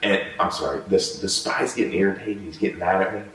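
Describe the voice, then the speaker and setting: A man, a former military interrogator, telling stories in a measured conversational way and slowing down when he reflects. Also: sits low, a bit bright. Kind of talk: conversational storytelling. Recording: echoey room, voice far from mic.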